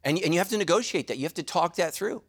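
A middle-aged man preaching a sermon as a pastor, animated and jokey, with quick asides to the congregation. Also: high-pitched, breathy edge.

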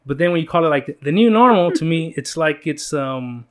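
A man's voice: on the high side, expressive, a little fast. A man hosts a laid-back podcast, wandering from thought to thought with a joking, easygoing manner. His talk is full of fillers and restarts, and he keeps things loose and chatty. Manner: rambling, jokey, many fillers and restarts. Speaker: podcast host. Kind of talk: casual chat.

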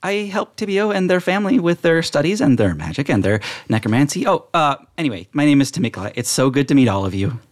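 Man as a high, chatty, fumbling young gnome woman. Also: big pitch swings, fast talker, hardly any pauses. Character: young, squirrelly female gnome tutor.

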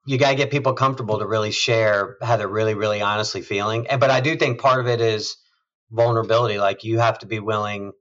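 A man, a chief executive, talking in a measured, thoughtful way in a conversational interview, often trailing off softly. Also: lowish voice, muffled recording. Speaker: hospital system CEO, guest.

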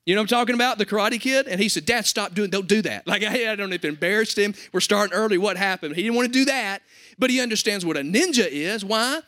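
Man, young adult pastor, sermon, high voice, chatty and joking. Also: fast, pushed and bright. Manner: conversational preaching with humor.

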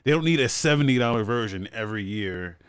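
A relaxed young man co-hosts a casual gaming podcast in a very deep voice. His tone is smooth and resonant. He laughs often and works his way through the news with easygoing restarts. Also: quick pace. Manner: relaxed, laughs often, many fillers and restarts while explaining. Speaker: podcast co-host.

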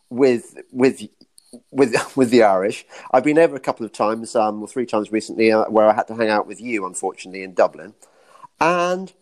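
A man's voice: medium pitch, a little mellow. Rambling, ironic British man. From Britain. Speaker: guest. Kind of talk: casual chat.

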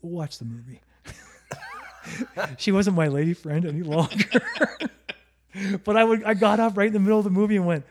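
A man's voice: sits high, normal speed. A man chatting casually on a podcast, telling a story with plenty of swearing and laughter. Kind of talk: casual chat.

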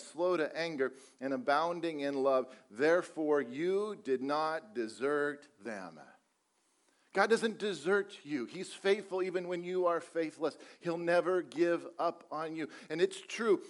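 High-voiced man preaching a sermon. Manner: earnest, repetitive preaching with jokes and rhetorical questions. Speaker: pastor. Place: church service.

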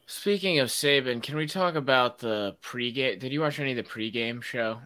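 A man's voice: mid-range voice, normal speed, pushed and bright. A man hosting a casual sports podcast, ranting with strong opinions and frequent laughs. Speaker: podcast host.

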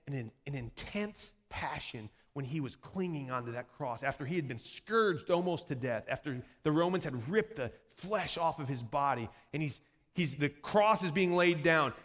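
A man in his thirties preaching a sermon as pastor, shifting from lively delivery to quiet, intense passages. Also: medium pitch. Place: church sanctuary. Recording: long hall reverb.

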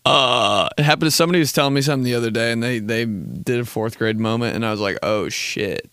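A man's voice: medium pitch, very fast, fairly bright tone, smooth, no echo. A young man in his twenties hosting a podcast, joking and rambling in a laid-back, casual way and swearing often. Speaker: podcast host. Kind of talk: casual comedic monologue.

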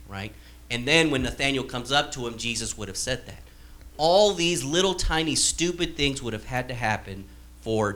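Man, pastor, conversational sermon, bright forceful voice, sarcastic acted-out quotes. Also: medium pitch.

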